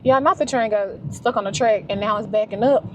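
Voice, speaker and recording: Chatty and emotional, this Louisiana vlogger talks to herself while recording a casual solo travel video from her car, with scenes in a restaurant too. She speaks a little fast in a mid-range voice, and there's a slight hiss or hum on the recording.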